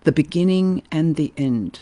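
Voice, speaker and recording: A woman co-hosting a live online show, reading quotes and scripture aloud in a measured way. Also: low-pitched, lively intonation, mellow. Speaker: co-host who reads the quotes.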